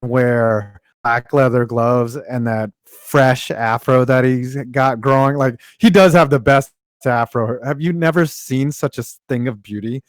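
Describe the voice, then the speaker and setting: A man's voice: medium pitch, measured pace, hardly any pauses, dry recording. A man co-hosting a podcast in casual chat, joking and riffing with plenty of profanity. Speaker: podcast co-host.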